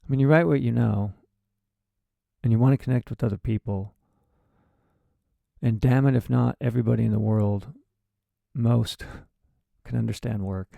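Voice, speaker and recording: A writer livestreams his process, thinking aloud casually while he plans a short story. His gravelly, mid-range voice sounds mellow in a dry recording. He rambles and frequently trails off into mutters.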